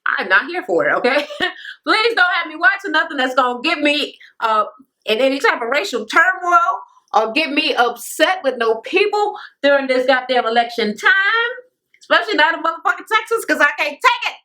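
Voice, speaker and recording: A woman's voice: high voice, sing-song, normal speed, pushed and bright. A woman giving a blunt, profane, sassy rant recapping a reality show.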